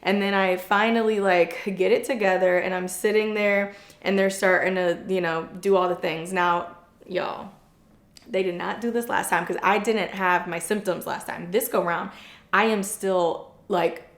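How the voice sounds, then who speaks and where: A woman's voice: medium pitch, a little slow. A young woman co-hosting a podcast, speaking openly and chattily, with lots of "like" fillers. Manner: chatty and open, frequent "like" fillers, animated retelling. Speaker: podcast co-host. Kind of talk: candid personal storytelling. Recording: echoey room.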